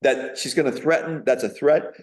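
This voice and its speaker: A man's voice: mid-range voice, moderate pace. A man being interviewed as a guest, giving a long, rambling personal account in an emphatic, indignant tone with frequent fillers.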